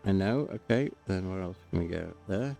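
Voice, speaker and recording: A man's voice: low-pitched, expressive, moderate pace, vocal fry, warm tone, soft background music. A man giving casual, chatty gameplay commentary, talking to himself and cracking jokes as he plays. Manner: chatty, self-talking, jokey.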